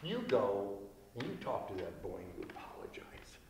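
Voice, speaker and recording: A man voicing a stern, upset wife who scolds her husband in a low, hushed near-whisper. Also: huge pitch swings, a little fast, creaky, recorded from a distance, slight background noise. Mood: scolding. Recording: echoey room with long reverb.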